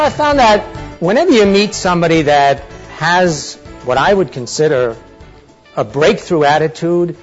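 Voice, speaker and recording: A man giving a motivational talk to a live audience, telling a story in a chatty, animated way. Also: sits high. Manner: animated, chatty, acts out dialogue. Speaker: motivational speaker. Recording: dull lo-fi recording.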